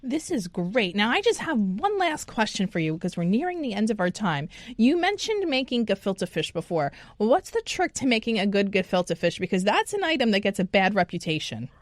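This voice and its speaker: A woman's voice: medium pitch, sing-song, brisk, hardly any pauses, no room sound, clean studio sound. A woman hosting a radio food show, interviewing a guest and then reading a scripted segment with polished, upbeat delivery. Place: radio studio.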